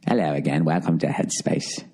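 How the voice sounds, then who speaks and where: A man's voice: a bass voice, normal speed, a little hiss or hum, voice pushed down. A man putting on a soothing British meditation guide. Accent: British (put on). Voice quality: soft, soothing.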